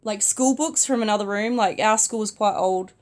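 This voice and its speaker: A young woman tells a casual storytime from her bed while sick. Her voice sits in an ordinary middle female range. She talks softly and chattily, filling her sentences with "like". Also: mid-range voice, moderate pace. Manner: chatty, many "like" fillers, soft-spoken. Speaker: vlogger. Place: in bed at home.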